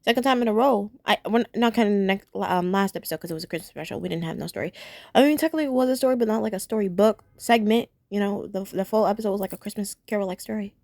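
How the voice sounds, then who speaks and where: A woman's voice: medium pitch, rapid-fire, a little mellow, no echo, studio quality. A woman chatting casually as she reviews a cartoon episode, rambling and restarting her sentences as she gushes about it. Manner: gushing, acts out characters' lines in voices.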